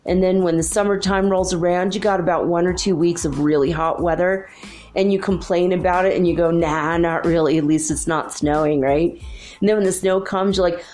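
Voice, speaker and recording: A woman's voice: lowish voice, steady tone, fairly quick, mellow. A woman from Minnesota hosting a casual spiritual monologue, rambling and chatty with frequent laughs. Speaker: spiritual channel host.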